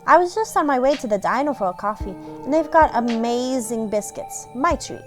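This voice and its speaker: A chatty, bold young woman from a small town, bubbly and a little dramatic as she teases, played by a woman reading the game aloud. Her voice sits fairly high and light. Soft music runs faintly behind her. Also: animated, normal speed, lightly acted. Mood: playful.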